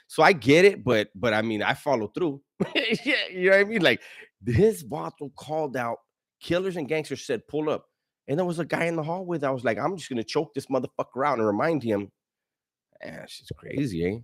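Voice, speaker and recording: Dude doing a livestream, reads chat, lots of slang, laughs a lot, trips over words. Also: male voice, mid-range voice, expressive, brisk. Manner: slangy, laughs often, stumbles and restarts. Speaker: livestream host reading chat.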